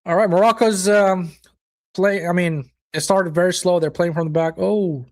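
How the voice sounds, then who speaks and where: Hosting a live football watchalong, a man talks in a high-sitting voice with a steady tone and normal speed. He keeps things casual, reacting both to what happens on the pitch and to what viewers write, with the odd swear word.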